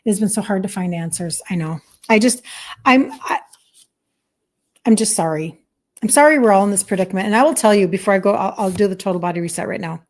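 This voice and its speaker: On a casual livestream, a woman in her fifties from Minnesota, who works as a health coach, reads out comments from viewers earnestly and apologetically. She speaks a little fast in a mid-range voice.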